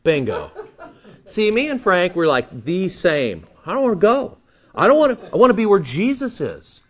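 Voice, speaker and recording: Animated man preaching, lo-fi recording. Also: moderate pace. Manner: animated, swings from low asides to excited outbursts; joking, reads scripture aloud and explains it. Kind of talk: sermon. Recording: dull lo-fi recording.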